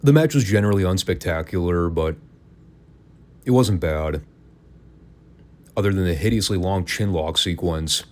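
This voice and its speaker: A man with a notably deep, low voice hosts a casual podcast review. He talks in an opinionated, sarcastic way, tossing in wry asides as he goes. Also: moderate pace, pauses often. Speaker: podcast host. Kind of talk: casual wrestling review commentary.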